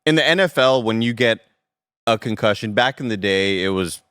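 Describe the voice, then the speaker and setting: A man co-hosting a podcast, explaining in relaxed casual chat with fillers. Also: on the low side, moderate pace, clear, resonant tone, dry recording, clean studio sound. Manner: relaxed, joking, uses fillers. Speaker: podcast co-host. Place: podcast studio.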